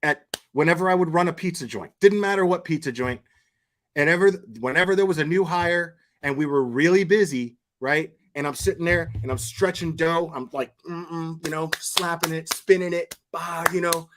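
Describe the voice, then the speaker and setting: Guy streaming commentary, swears a lot, animated stories, voice a bit on the high side. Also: moderate pace, a little hiss or hum. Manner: profane, laughing, animated anecdotes. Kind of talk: casual live commentary and storytelling.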